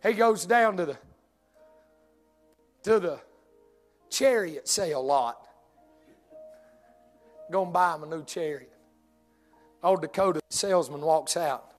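A man preaching a humorous storytelling sermon in a folksy, animated drawl. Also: fairly high pitch, slow pace, pauses often, soft background music.

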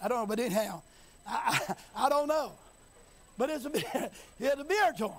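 High-voiced preacher shouting rhythmically. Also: male voice, expressive, moderate pace. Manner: rising into shouted, chanting emphasis, then dropping quiet; folksy, repeats phrases, asks the crowd if they hear him. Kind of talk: sermon.

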